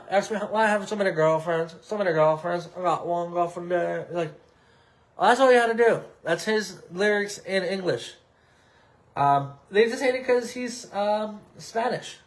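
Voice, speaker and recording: Ranting, profane podcast man. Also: on the high side. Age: 30s. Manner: heated, rambling, profane, with many restarts. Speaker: podcast host. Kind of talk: casual opinion rant. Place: his apartment.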